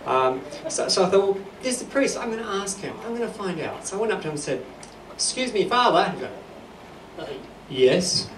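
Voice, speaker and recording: A man's voice: high voice, sing-song, fast, hardly any pauses. A man with a New Zealand accent telling rambling, self-deprecating stand-up stories on a club stage, with laughter behind him. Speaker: stand-up comedian. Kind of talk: stand-up comedy. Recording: echoey club from a distance, noisy. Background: audience laughter.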